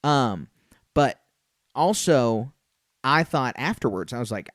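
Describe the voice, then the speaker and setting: A man's voice: medium pitch, lively intonation, takes it slowly, pauses often, no echo, studio quality. A young man co-hosting a casual podcast review chat, rambling with frequent fillers and restarts. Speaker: podcast co-host.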